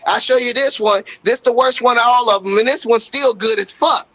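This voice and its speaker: A man arguing heatedly about his home grow, loud, angry and repetitive. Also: very high-pitched, fairly quick. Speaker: home grower showing his tent. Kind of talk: heated live-stream argument.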